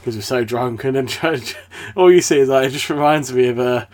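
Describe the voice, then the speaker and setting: A man's voice: medium pitch, brisk, a little mellow. A young man telling a night-out story on a casual podcast. He tells it animatedly and acts out the lines of the people in it. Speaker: podcast co-host. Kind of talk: casual chat.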